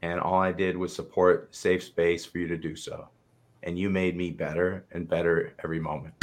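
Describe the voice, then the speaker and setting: A man's voice: deep voice, level tone, moderate pace, a little hiss or hum. A middle-aged man, a coach and co-host, candidly telling his story in a live conversation and acting out his own inner voice, with casual swearing.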